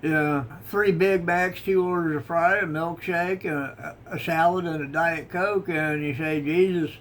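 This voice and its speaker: A man's voice: on the high side, fairly even intonation, measured pace, a bit bright, a little hiss or hum. A middle-aged man giving a folksy, rambling devotional talk, chuckling at himself. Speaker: online devotional host.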